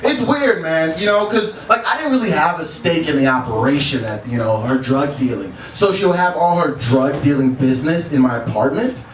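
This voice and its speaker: A male stand-up comic with a fairly high voice, talking in a laid-back way and chuckling after his own punchlines. His pitch moves around a lot. The mic sits at a distance in an echoey bar, with clear room ambience behind. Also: animated, moderate pace, few pauses, a little hiss or hum. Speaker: stand-up comedian. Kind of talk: stand-up set. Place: bar stage.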